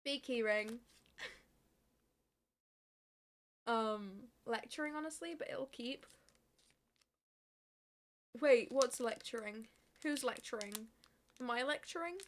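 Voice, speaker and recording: A woman's voice: a little high, takes it slowly, long pauses, a little hiss or hum. A woman livestreamer chatting casually with her chat, laughing often and swearing freely.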